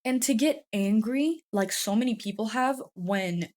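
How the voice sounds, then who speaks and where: A woman's voice: on the high side, measured pace, darkish tone. A woman YouTube commentator giving casual, chatty commentary, swearing freely and laughing often.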